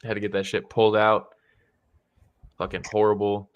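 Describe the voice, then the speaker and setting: A man's voice: lowish voice, monotone, moderate pace, clear, resonant tone, muffled recording. A young man co-hosting a podcast, chatting casually about fight photos and swearing freely as he acts out quotes. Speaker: podcast co-host.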